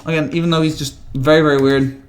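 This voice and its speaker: A man's voice: fairly high pitch, little pitch movement, fast. A young man in his twenties hosting a casual livestream, chatting with viewers in a rambling way, full of fillers and stammered restarts. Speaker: livestream host. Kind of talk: casual live chat reading viewer comments.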